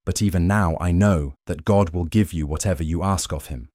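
An earnest, grieving woman of faith voiced by a man reading scripture. The voice stays deep and dry, read plainly. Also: moderate pace, a little mellow, no echo.

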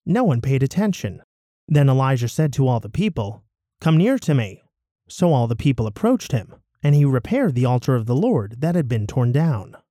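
Expressive man reading scripture. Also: mid-range voice, no room sound, studio quality. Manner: expressive, measured storytelling. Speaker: scripture reader. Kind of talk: scripted narration.

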